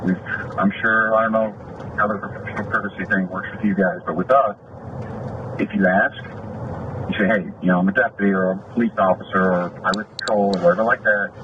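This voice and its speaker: Indignant middle-aged deputy, muffled and noisy. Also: male voice, lowish voice, steady tone, fairly quick. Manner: indignant, rambling, acts out quoted exchanges. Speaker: sheriff's deputy filing a complaint. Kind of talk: heated complaint retelling. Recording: muffled recording with clear background noise.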